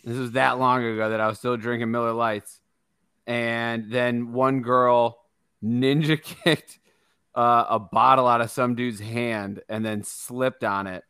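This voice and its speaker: A man's voice: mid-range voice, steady tone, a little slow, bright, forceful tone, clean tone, no room sound. A man in casual chat who tells a short, dry, self-deprecating story.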